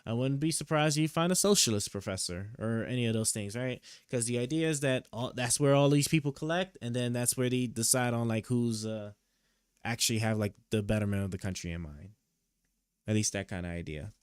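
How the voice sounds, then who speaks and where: A man streaming live, reading a court opinion aloud and stopping often to puzzle over it, with halting, restarting speech. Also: mid-range voice, clear, resonant tone, dry recording, studio quality. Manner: reads legal text aloud, stops to check words. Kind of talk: casual live stream commentary. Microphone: headset or desk mic.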